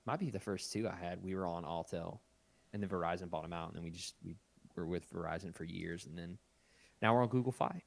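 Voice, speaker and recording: A man's voice: sits low, fast talker, creaky. A man co-hosting a podcast, joking and teasing in casual banter. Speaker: podcast co-host.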